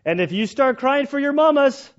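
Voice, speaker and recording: A man's voice: very high voice, expressive, moderate pace, muffled recording, voice pushed up. A man doing a jovial father turning hardship into a game. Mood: playful. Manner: playful, loud, upbeat. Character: jovial father making a game for his son.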